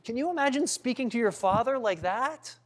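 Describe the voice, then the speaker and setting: A man preaching a sermon, earnest and questioning, with dramatic pauses and some restarts. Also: extremely high pitch, lively intonation.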